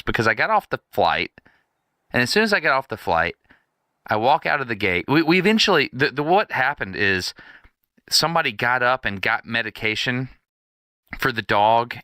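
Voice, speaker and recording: A man's voice: fairly low pitch, pushed and bright, smooth, no room sound, studio quality. A man co-hosting a podcast, telling a story in casual chat and acting out the people in it. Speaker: podcast co-host.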